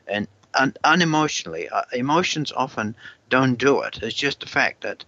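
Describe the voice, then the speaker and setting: A man's voice: medium pitch, lively intonation, normal speed, pushed and bright, no echo, lo-fi sound. A man giving parenting advice in an interview, often repeating words as he thinks and acting out what a parent could say. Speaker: parenting expert guest.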